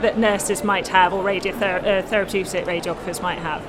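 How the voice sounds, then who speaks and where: A woman's voice: lowish voice, fairly even intonation, brisk, noisy background. A woman, a university lecturer, talking in a chatty, giggly way as an interview guest, with restarts. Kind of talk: conversational interview.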